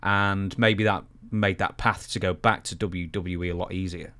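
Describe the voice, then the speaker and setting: A man's voice: low voice, fairly even intonation, moderate pace, bright, forceful tone, clear, resonant tone. A man with an English accent co-hosting a casual chat, reading out news items with many filler words. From England. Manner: chatty, many "uh" fillers, clarifies facts. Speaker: co-host.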